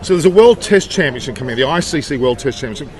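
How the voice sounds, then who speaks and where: Fast-talking upbeat street interviewer. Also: male voice, mid-range voice, animated, a little mellow. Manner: upbeat, chatty, quick-talking. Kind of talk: vox pop street interviews. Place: busy street outdoors.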